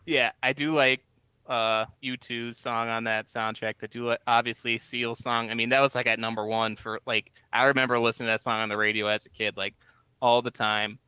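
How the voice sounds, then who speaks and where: A man's voice: medium pitch, flat delivery, moderate pace, bright, forceful tone, clean tone, dry recording. A man on a podcast as a guest, talking casually and with jokey enthusiasm. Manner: jokey, enthusiastic fan talk.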